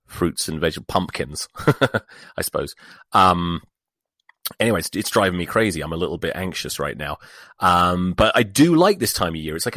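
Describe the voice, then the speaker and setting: Deep-voiced man chatting wryly. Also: fairly bright tone, no echo, clean studio sound. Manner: rambling, wry, swears casually. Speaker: podcast host. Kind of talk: casual solo chat. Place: United States.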